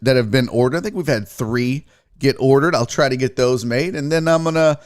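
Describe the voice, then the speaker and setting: A man's voice: on the high side, no echo, clean studio sound. A man hosting a sports live stream, rambling and joking with a profane, casual manner as he greets viewers by name. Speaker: sports show host.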